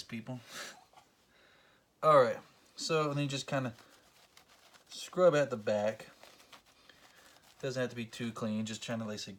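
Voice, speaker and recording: A man giving a casual, joking how-to tutorial, talking to the camera while he works. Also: medium pitch. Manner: joking, self-deprecating, talks while working. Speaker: collector demonstrating belt cleaning.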